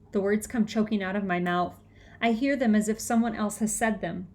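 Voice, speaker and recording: A woman's voice: mid-range voice, normal speed, darkish tone. A woman narrating a children's novel in the first person, with tense, breathless storytelling. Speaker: audiobook reader.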